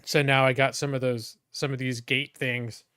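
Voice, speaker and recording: A man's voice: mid-range voice, level tone, normal speed, bright, forceful tone, smooth. A man streaming from his bedroom, chatting casually and rambling as he shows the room. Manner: rambling, restarts sentences. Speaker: streamer giving a room tour. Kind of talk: casual chat. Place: bedroom at home.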